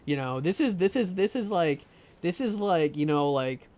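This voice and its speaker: He speaks at normal speed in a highish, animated voice with a darkish tone, chatting casually with viewers during a live game stream from home. His desk mic picks up plenty of self-mocking jokes and laughter.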